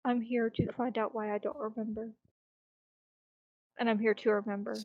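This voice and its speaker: A woman's voice: on the high side, little pitch movement, normal speed, dry recording, narrow, tinny audio, close to an everyday voice. A woman voicing a firm, guarded adventurer. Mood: stern. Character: stern, guarded grown male adventurer.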